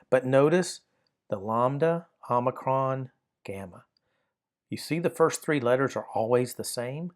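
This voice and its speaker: Patient man teaching Greek grammar. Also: mid-range voice. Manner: patient, methodical, repeats key points. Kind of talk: explanatory teaching lesson.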